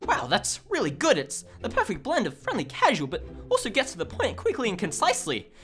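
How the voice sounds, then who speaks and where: A young man in his late teens narrating a comedic storytime as a YouTube animator, sarcastic and animated, jumping from mock-dramatic shouts to low mumbled asides. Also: brisk. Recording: background music under voice.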